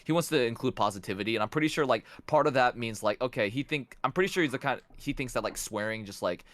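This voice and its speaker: A man's voice: mid-range voice, fast talker, dry recording. Stammering young man telling stories. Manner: stammering restarts, swearing, animated storytelling. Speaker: podcast guest. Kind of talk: casual podcast chat.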